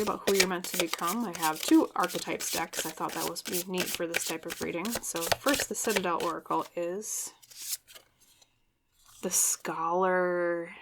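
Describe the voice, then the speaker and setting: Low-pitched female tarot reader, chatty and excitable, talking directly to her viewers. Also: moderate pace, slight background noise. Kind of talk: pick-a-card tarot reading.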